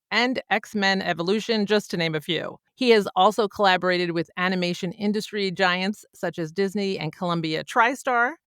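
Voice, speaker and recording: A woman's voice: mid-range voice, a bit bright, no room sound, studio quality. A woman hosting a podcast interview, gushing and laughing often as she introduces and chats with a guest. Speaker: podcast host.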